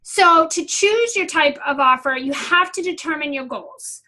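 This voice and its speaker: Middle-aged woman coach, blunt and profane, high bright voice. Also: expressive, unhurried. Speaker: business coach. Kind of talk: coaching talk.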